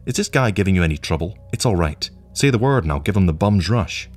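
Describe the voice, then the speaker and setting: A man voicing a loud, boisterous, drunk film director with brash, slangy talk. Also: low-pitched, animated, fast, soft background music. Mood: rowdy.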